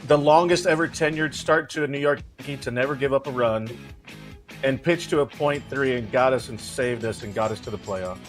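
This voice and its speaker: A man's voice: mid-range voice, a little fast, soft background music. A man playing along as a quiz contestant, dry and laid-back. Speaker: game contestant. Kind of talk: casual chat.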